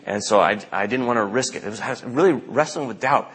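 A man's voice: lowish voice, animated, fast, few pauses, fairly bright tone, breathy edge. A man preaching a sermon as pastor, telling stories in a conversational way and acting out the quotes he tells. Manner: conversational storytelling with acted-out quotes. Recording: long reverb of a large hall.

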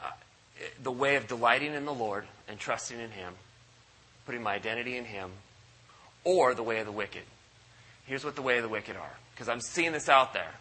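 Husky, bright-voiced preacher man. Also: fairly quick, long pauses, poor audio. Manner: animated, acts out quoted voices with big pitch jumps. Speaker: pastor. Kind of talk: sermon. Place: church service.

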